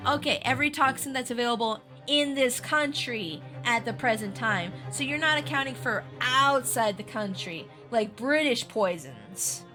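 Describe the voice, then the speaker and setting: A woman's voice: on the high side, animated, moderate pace, hardly any pauses, pushed and bright. A young adult woman streaming a video game from home, chatting in a bubbly, giggly way with her viewers. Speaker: VTuber streamer. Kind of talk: casual let's-play chat. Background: game music.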